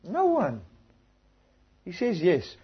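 A man's voice: high voice, takes it slowly. A man preaching a sermon, telling stories and acting out his conversations with strangers. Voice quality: very husky voice. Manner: animated storytelling, acting out conversations. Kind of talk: sermon on evangelism. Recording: dull lo-fi recording.

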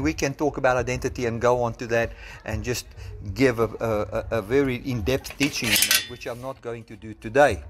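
A South African man preaching a sermon, reasoning step by step and slowing down to stress scripture, recorded on a phone in a church. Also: mid-range voice, a bit bright.

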